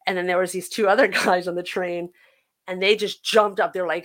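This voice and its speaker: An American woman, a podcast guest, telling a personal recovery story in an earnest, halting way, with frequent restarts. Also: on the low side, fairly even intonation, a bit bright.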